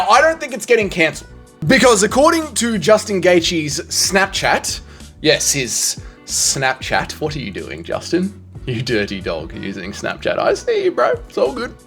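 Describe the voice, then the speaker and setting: Animated opinionated sports vlogger man. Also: on the high side. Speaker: commentary vlogger. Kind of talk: casual sports commentary.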